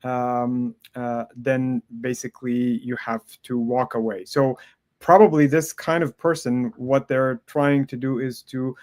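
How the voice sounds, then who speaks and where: A man with a mid-range voice co-hosts a casual talk show. He explains things slowly and hesitantly, with many ums and uhs. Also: medium pitch, little pitch movement, darkish tone.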